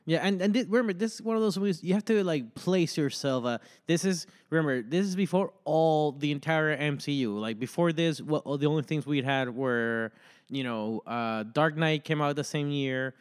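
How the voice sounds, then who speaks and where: A man's voice: on the high side, normal speed, clean tone. A man co-hosting a podcast, chatting casually about movies, teasing his partner and correcting details. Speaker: podcast co-host.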